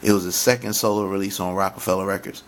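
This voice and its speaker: Excited lower-voiced man talking hip-hop. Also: fast talker. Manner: excited, stammers and restarts, recites lyrics. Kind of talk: casual monologue to viewers.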